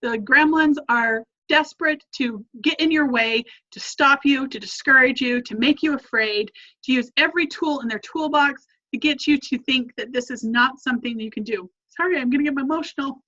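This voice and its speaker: A woman's voice: high-pitched, moderate pace, sharp tone, lo-fi sound. A woman family coach giving an earnest, encouraging lesson, repeating her points for emphasis.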